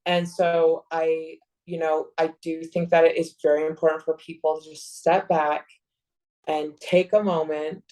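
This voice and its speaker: Animated woman guest, lowish voice. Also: poor audio. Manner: animated, quick bursts of excitement and rambling asides. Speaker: podcast guest, actor and producer. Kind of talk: casual interview chat.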